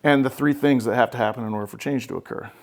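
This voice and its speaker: A man hosts a casual podcast conversation in the role of a therapist, speaking fast at a medium pitch. He's blunt and emphatic, swears freely, and keeps checking in with "right?".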